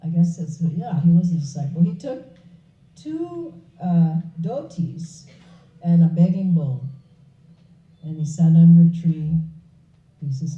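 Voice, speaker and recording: Animated woman telling a story in a hall. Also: on the low side, measured pace, pauses often. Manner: animated storyteller who laughs at her own story. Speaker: spiritual speaker. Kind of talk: storytelling public talk. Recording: echoey hall, distant, dull.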